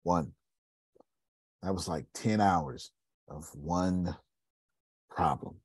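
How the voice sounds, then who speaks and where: A man with a low, husky voice hosts a podcast. He talks emphatically, repeats key phrases and calls listeners by name. The sound is close and dry. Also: very slow, no echo. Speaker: podcast host. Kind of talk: casual live coaching talk.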